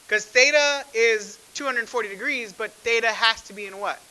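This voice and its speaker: A man's voice: very high voice, moderate pace, pushed and bright, rough recording. A man teaching a math class, talking conversationally and asking the class frequent questions. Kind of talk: classroom lecture.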